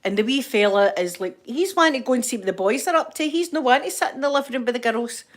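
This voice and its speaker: Speaking fast in an expressive, somewhat high voice, an older woman with a Scottish accent reads out her live chat. She talks casually with her viewers, rambling through stories and breaking into frequent laughter.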